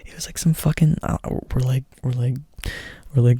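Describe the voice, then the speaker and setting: A man's voice: medium pitch, fairly even intonation, moderate pace, dark tone, husky, dry recording. A young man doing whispered ASMR storytelling up close to the mic, rambling casually and swearing a lot. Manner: rambling, profane, filler-heavy casual talk. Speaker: ASMR creator.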